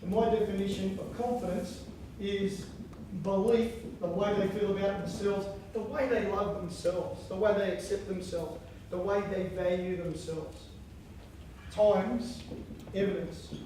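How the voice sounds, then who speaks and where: High-voiced guy giving a keynote, heard from far off in a big echoey hall. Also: unhurried, noisy background. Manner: energetic, chants and acts out inner voices. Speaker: keynote speaker. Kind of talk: conference keynote talk. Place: large conference hall.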